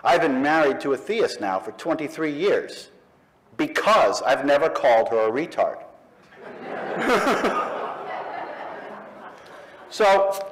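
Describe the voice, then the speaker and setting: A middle-aged man with a fairly high voice addresses a live audience. He delivers a forceful speech in slow, punchy statements, pausing pointedly between them. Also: poor audio. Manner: emphatic, slow, punchy declarations with pointed pauses. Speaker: speaker at an atheist convention. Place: live event in front of an audience.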